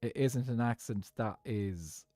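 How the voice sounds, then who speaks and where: A man's voice: mid-range voice, a little slow, warm tone, no echo, soft background music. An Irish man streaming a game, chatting casually and thinking aloud to his viewers in a rambling way. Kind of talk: casual live-stream chat while gaming.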